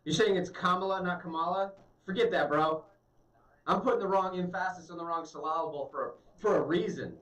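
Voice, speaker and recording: A man's voice: high voice, fairly quick, fairly bright tone. A man co-hosting a talk radio show, mocking and sarcastic as he reacts to hearing clips. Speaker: radio co-host. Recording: roomy, distant mic.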